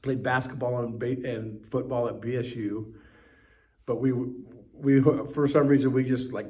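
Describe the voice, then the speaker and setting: Man, interview guest, animated storytelling, average pitch. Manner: lively, animated retelling, quick bursts. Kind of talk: personal storytelling.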